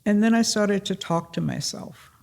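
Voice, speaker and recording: An older man telling a personal story to a live audience at a library event, unhurried and plain-spoken, acting out the voices in his tale. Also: high-pitched, creaky. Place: public library event room.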